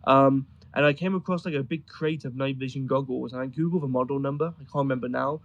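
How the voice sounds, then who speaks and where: A man's voice: mid-range voice, fairly even intonation, fast, dull audio. A man talking casually as a guest, telling rambling, amused stories with many fillers. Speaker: guest describing travels in Afghanistan. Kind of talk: casual conversation on a voice chat.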